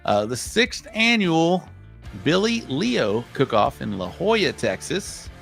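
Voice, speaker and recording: Gravelly man hosting a live show. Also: fairly high pitch, very animated, takes it slowly, fairly bright tone, faint music behind. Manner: rambling, self-correcting announcer. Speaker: podcast host. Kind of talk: live show segment reading event listings.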